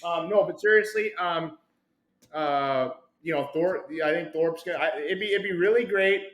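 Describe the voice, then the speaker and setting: Hyped, rambling podcast host. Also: male voice, fairly high pitch, normal speed, a bit bright, reverberant, lo-fi sound. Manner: rambling, hyped, repeats himself a lot. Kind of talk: casual chat.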